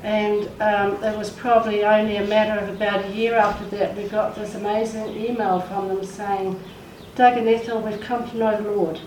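A woman's voice: medium pitch, flat delivery, normal speed, hardly any pauses, a little mellow. Woman telling a testimony in an echoey room. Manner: emotional storytelling, acts out quoted voices. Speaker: church speaker sharing a testimony. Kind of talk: testimony in a church service. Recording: echoey room, far from the mic, faint noise.

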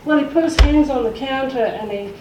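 A woman's voice: high voice, fairly quick, dull audio. Woman, church testimony, emotional storytelling, roomy echo, distant mic. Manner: emotional storytelling, acts out quoted voices. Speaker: church speaker sharing a testimony. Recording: echoey room, far from the mic, faint noise.

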